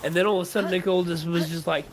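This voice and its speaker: A man with a notably high voice holds forth in casual chat on a gaming stream. He rants with strong opinions and swears often, over a faint hiss of background noise. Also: racing. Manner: animated, opinionated ranting with swearing. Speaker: streamer co-host.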